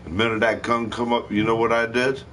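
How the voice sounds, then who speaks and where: A man's voice: mid-range voice, level tone, fairly quick, a bit bright, a little hiss or hum. A middle-aged man hosting a live stream, telling rambling, profane stories in casual chat. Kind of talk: casual storytelling.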